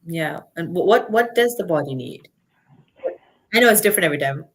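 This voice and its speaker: Woman host, slightly low voice, engaged and affirming, casual interview chat. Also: fairly quick. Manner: engaged, affirming, tells lively personal anecdotes.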